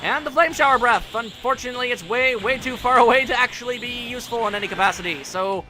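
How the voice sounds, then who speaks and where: A man with a high, bright voice running a let's play. He commentates with goofy jokes and keeps taunting the enemy. Faint game music plays under his voice. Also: fast talker. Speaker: gaming channel host.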